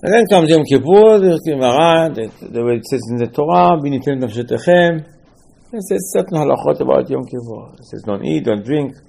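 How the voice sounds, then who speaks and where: A man's voice: fairly high pitch, lively intonation, brisk, creaky, dark tone. A man teaching a Torah lesson in a loose, emphatic way, repeating phrases and firing rhetorical questions, with slightly broken English grammar. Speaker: rabbi teaching a Torah class. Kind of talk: informal religious lesson.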